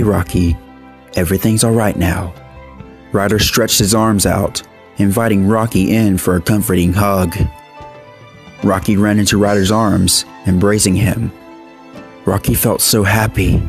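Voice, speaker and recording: A man narrating a horror story in a steady, even scripted reading. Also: fairly low pitch.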